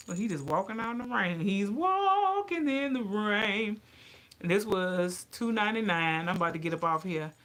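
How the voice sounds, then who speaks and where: Bright-voiced woman chatting animatedly. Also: medium pitch. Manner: animated, ranting, talks to viewers as y'all. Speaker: vlogger. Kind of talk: casual chat to camera.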